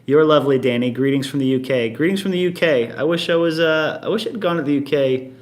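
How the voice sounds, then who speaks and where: A man's voice: mid-range voice, steady tone, fast talker. A man in his early thirties, a band member hosting a casual live-stream Q&A from his apartment, rambling easily and reading out viewer comments. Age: early 30s. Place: at home in an apartment.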